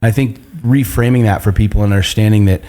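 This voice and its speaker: A man's voice: lowish voice, steady tone, fast talker, mellow. A man talking as a business coach in a casual podcast chat, emphatic and profane, often repeating "like" in long strings.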